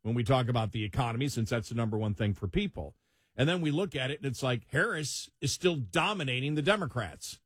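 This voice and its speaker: A man's voice: medium pitch, expressive, fairly quick, fairly bright tone, breathy edge, no room sound, studio quality. A man with a Buffalo accent hosting a talk radio show in casual chat.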